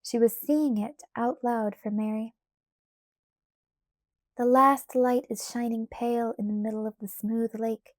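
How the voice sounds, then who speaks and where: A woman narrating a children's storybook aloud, in a measured, gentle way. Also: on the high side, steady tone, dry recording, clean studio sound. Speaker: audiobook narrator.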